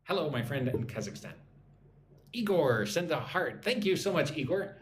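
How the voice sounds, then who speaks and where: A man's voice: a little high, big pitch swings, moderate pace, noisy background. A man teaching an English lesson on a live stream, sounding out words syllable by syllable, repeating phrases and greeting viewers in the chat.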